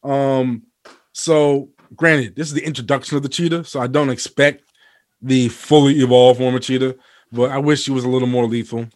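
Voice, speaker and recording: A man co-hosting a casual podcast chat, rambling with many fillers and restarts, and getting animated and profane when worked up. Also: mid-range voice, moderate pace. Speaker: podcast co-host.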